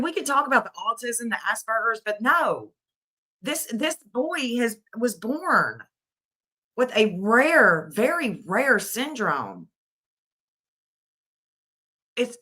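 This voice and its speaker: A woman's voice: on the high side, sharp tone. A middle-aged woman hosting a livestream, giving emotional, scolding commentary and repeating phrases for emphasis.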